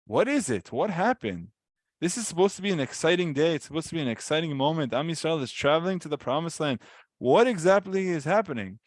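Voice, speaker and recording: A man's voice: on the high side, animated, fairly quick, no room sound. A man giving a casual weekly Torah lesson, telling the story with animation and acting out voices. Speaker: Torah teacher.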